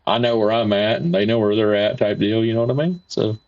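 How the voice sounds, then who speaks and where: A man's voice: on the low side, steady tone, brisk, a little mellow. A man, hosting a casual livestream, rambling folksy chat while reading viewer comments. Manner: rambling, folksy, repeats himself. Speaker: livestream host. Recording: dull lo-fi stream audio.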